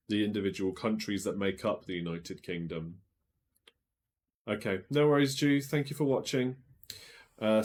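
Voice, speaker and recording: A man's voice: fairly low pitch, darkish tone. A man hosting a live-streamed quiz, chatting as he reads out viewers' guesses and checks them aloud. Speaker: quiz show host.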